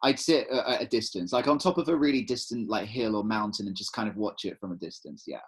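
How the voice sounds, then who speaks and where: A man co-hosting a podcast, chatting casually and spinning animated, rambling stories. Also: lowish voice, fast, husky. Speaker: podcast co-host. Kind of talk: casual chat.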